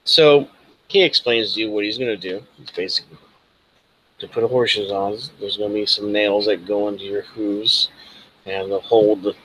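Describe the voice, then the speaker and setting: A man's voice: lowish voice, fairly even intonation, normal speed, a bit bright, slight background noise, poor audio. A man narrating a tabletop role-playing game as game master, casual and rambling with many fillers.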